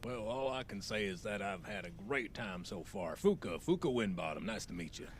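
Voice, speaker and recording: Man doing a low, rambling, fumbling adventurer. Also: very animated, a little fast, gravelly, slight background noise. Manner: rambling with many fillers.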